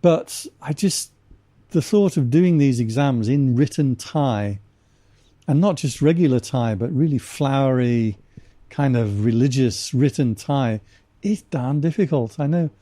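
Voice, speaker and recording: Monk guest from England, man, wry anecdotal talker, mellow and dry. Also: medium pitch, unhurried, no room sound. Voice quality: dry humor, animated anecdotes with laughs. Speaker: podcast guest, ordained monk. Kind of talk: casual storytelling conversation.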